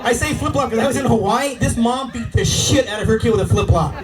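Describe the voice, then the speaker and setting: A brash man in his forties telling stand-up stories with a lot of swearing, his voice sitting notably high for a man. He is picked up from a distance in a live club, with a big crowd around him. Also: fast talker, over loud music. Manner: brash, animated, profane. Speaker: stand-up comedian. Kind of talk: stand-up storytelling. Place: live comedy venue.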